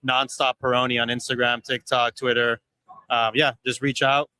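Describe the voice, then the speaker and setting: Flat bright-voiced young founder man. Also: medium pitch, moderate pace, dry recording. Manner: casual, frequent "yeah" and "like". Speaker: startup founder. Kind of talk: casual pitch interview.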